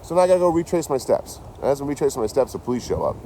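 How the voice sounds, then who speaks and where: A man chatting casually to his livestream chat outdoors, telling stories in an animated, swearing way. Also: mid-range voice, racing, slight background noise, poor audio. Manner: animated, swears a lot, talks to chat by name.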